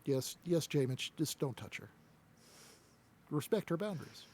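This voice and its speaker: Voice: medium pitch, big pitch swings, unhurried, pauses often, a little mellow, a little hiss or hum. A tabletop game player teasing the others playfully while talking casually at the table. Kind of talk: casual tabletop role-play chat.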